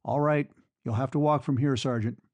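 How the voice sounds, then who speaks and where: A man's voice: medium pitch, fairly even intonation, moderate pace, darkish tone, no room sound, dull audio, close to an everyday voice. A man voicing a curt army officer. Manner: curt, matter-of-fact. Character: brisk army officer on night guard.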